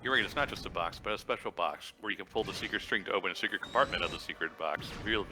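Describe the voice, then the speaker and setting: A man's voice: sits low, fast talker, bright, forceful tone. A young man co-commentating a game stream with dry joking banter. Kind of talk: casual commentary.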